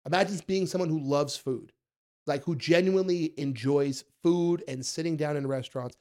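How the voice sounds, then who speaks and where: A young man telling stories in a casual podcast chat, acting out quotes in a high voice. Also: moderate pace. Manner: animated storyteller, acts out quotes in a high voice. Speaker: guest, food content creator.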